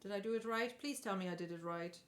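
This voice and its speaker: A woman's voice: mid-range voice, fast. A woman streamer chatting casually while she sews, talking to herself and answering her chat in a playful way.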